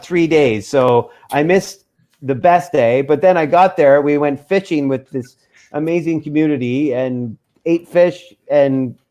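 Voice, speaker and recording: A man talking in a casual interview, spinning a story with lots of energy and switching voices to act out what other people said. His voice sits a bit higher than most men's, and he drops a swear word here and there. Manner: animated, acts out quotes, swears freely. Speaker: musician guest.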